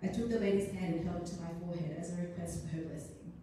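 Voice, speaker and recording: A woman's voice: on the low side, fast talker. A woman, a writer, reading her own story aloud expressively at a live arts event. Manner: expressive, first-person storytelling. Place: arts centre event room. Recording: echoey room, distant mic, faint noise.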